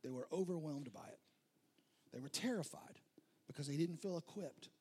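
Husky high-voiced male preacher. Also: moderate pace, a little mellow. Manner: conversational storytelling, emphatic repeated phrases. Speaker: pastor. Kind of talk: sermon.

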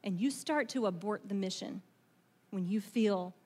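A woman pastor preaching a sermon in a conversational, animated way, asking her listeners questions and acting out voices from the story. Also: medium pitch, measured pace, slightly rough. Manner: acts out quoted voices in the story.

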